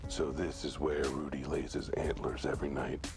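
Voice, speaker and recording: A down-on-his-luck cat detective in a noir video game, with a dry, sardonic edge to every line. The voice sits extremely deep. Faint music plays behind him. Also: level tone, moderate pace, creaky. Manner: dry, sardonic inner monologue.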